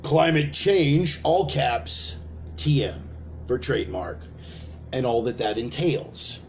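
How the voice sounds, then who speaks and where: A man's voice: mid-range voice, slow pace, a little hiss or hum. A man delivering a ranting sermon, profane and emphatic, building points with repetition and rhetorical questions. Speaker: preacher of an online sermon.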